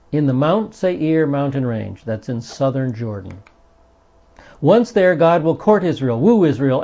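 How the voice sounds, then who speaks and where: Gravelly man teaching a Bible study. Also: on the high side, warm tone. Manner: earnest, emphatic, reads quotes aloud with stress. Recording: dull lo-fi recording.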